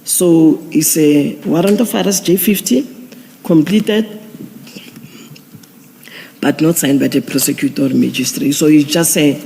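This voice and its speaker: A man, a police general giving formal testimony at an inquiry, measured and procedural with frequent restarts. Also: a little high, vocal fry, dark tone, slight background noise. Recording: long hall reverb.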